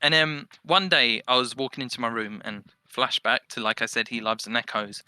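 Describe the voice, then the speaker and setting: A young man, a podcast guest, rambling through animated stories and swearing freely in casual chat. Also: medium pitch, fairly quick, clean tone, dry recording. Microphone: headset.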